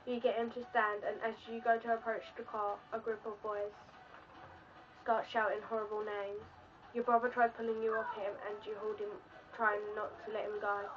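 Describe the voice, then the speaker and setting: A woman's voice: mid-range voice, level tone, normal speed. Earnest woman, distant and lo-fi. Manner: earnest, pleading. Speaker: vlogger. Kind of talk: emotional second-person story narration.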